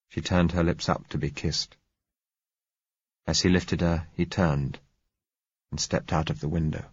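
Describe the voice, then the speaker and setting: A man narrating an audiobook in a measured, dramatic reading. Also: sits low, steady tone, slightly rough, no echo. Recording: dull, dry recording.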